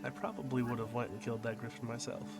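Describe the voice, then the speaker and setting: A cold, scheming woman drops dry, dismissive remarks, as a man puts her on. Her voice sits slightly above his own mid-range. Music plays clearly underneath. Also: mid-range voice, fast, lightly acted. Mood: dry scorn. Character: sharp, scheming woman who mocks the party. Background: background music.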